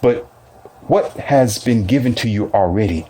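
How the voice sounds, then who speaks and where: A man's voice: on the low side, moderate pace, a little mellow, a little hiss or hum. A man giving a casual, preachy motivational monologue, full of rhetorical questions.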